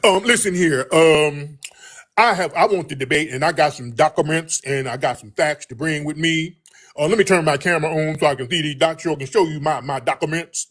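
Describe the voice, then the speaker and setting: A man's voice: a little high, brisk, fairly bright tone. A man imitating a pompous, hostile male caller who rambles about secret documents, in a smug, condescending voice.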